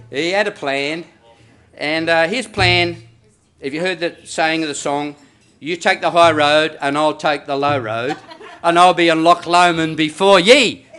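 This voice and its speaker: A middle-aged Australian man gives a rambling, joking wedding toast at a reception. His voice is bright and fairly high for a man, and he stumbles through fillers and restarts as he goes. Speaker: father of the groom giving a wedding speech.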